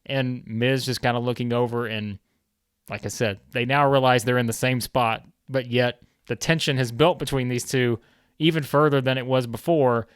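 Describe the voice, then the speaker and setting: A man's voice: medium pitch, fairly even intonation, normal speed, smooth, no room sound, studio quality. A man hosting a gaming video, giving a chatty, casual recap of his game with lots of fillers.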